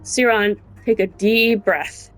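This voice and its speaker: A woman reads a calm female wanderer's lines aloud in a lower, reassuring way. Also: takes it slowly, soft background music, poor audio. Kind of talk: reading game dialogue aloud.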